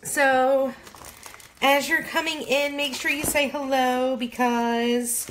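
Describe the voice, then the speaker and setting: A chatty woman hosts a casual craft livestream, greeting viewers by name in a bubbly, rambling way. Her voice is bright and sits a little high. A faint hiss runs under the recording. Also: steady tone, slow pace.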